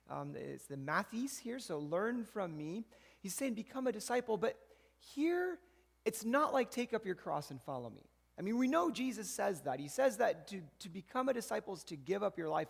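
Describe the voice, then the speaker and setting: Pastor, male, high gravelly voice, chatty preaching style, long church-hall reverb. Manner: conversational preaching with frequent "right?" asides. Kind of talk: sermon.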